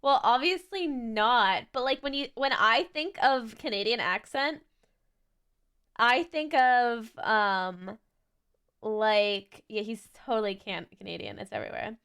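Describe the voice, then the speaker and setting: A woman's voice: fairly high pitch, a little slow, fairly bright tone, clean tone. A young adult woman streaming, chatting casually as she reacts to a video, giggly and rambling with lots of "like" and restarts.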